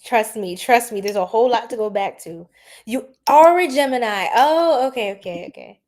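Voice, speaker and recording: A woman's voice: fairly high pitch, lively intonation, moderate pace, darkish tone. A woman hosting an astrology livestream in casual, slangy chat, laughing often and reacting to viewers' comments.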